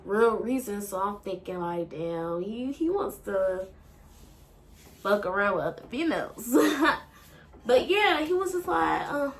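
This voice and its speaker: A woman vlogger with a mid-range, fairly bright voice tells a breakup story in a casual storytime. She rambles emotionally and swears a lot.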